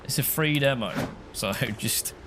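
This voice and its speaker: A man's voice: medium pitch, unhurried, noisy background. A man chatting casually while he streams a game, rambling and answering viewers' comments. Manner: chatty, rambling, reads chat aloud.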